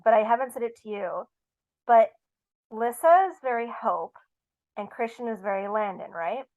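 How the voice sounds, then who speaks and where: A woman's voice: fairly high pitch, lively intonation, moderate pace, phone-quality sound. A woman co-hosting a casual TV review podcast, playful and teasing. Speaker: podcast co-host. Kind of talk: casual chat reviewing a TV show.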